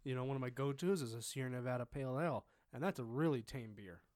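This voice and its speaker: A man's voice: mid-range voice, fast, a little mellow, no room sound. A young man co-hosting a casual drinking podcast from a home studio, easygoing and enthusiastic. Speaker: podcast co-host. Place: home spare-bedroom studio.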